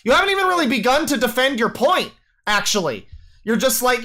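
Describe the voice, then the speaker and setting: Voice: medium pitch, animated, fairly quick, pushed and bright. A streamer reacting to a video during a live stream. The delivery is an exasperated, swearing rant, with many restarts and "like"s between points. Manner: profane, exasperated ranting.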